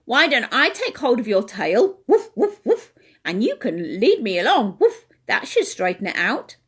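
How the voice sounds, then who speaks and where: A woman's voice: fairly high pitch, huge pitch swings, measured pace, a bit bright, breathy edge, full character voice. A woman voicing a helpful male farm dog who barks between his words.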